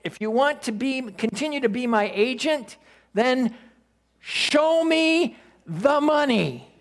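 Man putting on a pushy, high-voiced athlete, getting louder each time. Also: lively intonation, slow pace, exaggerated voice. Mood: emphatic demanding. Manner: emphatic, rising to shouting. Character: football player loudly demanding pay, male.

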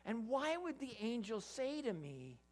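A preacher giving an interactive Bible sermon, animated, often stammering and restarting while putting questions to the listeners. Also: medium pitch, unhurried. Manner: animated, quizzes the audience.

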